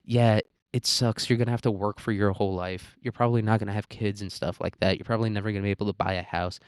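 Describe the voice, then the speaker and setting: A man's voice: on the low side, fairly even intonation, quick pace, clear, resonant tone, no room sound, studio quality. A young American man hosting a solo podcast, ranting and rambling with lots of swearing and fillers. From United States. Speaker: podcast host.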